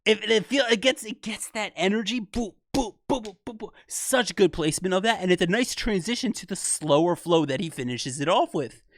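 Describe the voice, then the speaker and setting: A young man hosting a music reaction channel, casually breaking down rap rhythms with excitement, laughing often and correcting himself as he goes. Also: high-pitched, a little fast, hardly any pauses, dry recording.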